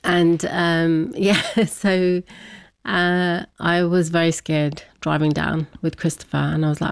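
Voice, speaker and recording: A woman's voice: deep voice, flat delivery, slow pace, creaky, clean tone, no echo. A woman telling a personal story as an interview guest, chatty and laughing often, acting out what people said.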